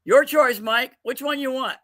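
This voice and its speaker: A man's voice: extremely high pitch, normal speed, a bit bright. A man hosting a casual livestream giveaway, joking loosely, laughing often and calling out to viewers by name. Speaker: livestream host running a giveaway.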